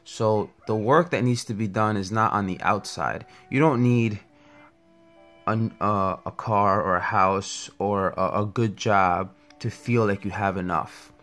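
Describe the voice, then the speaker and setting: A man's voice: on the low side, a little slow, fairly bright tone. A man giving an earnest, reflective spiritual talk, telling a parable along the way. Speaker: spiritual teacher. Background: faint music.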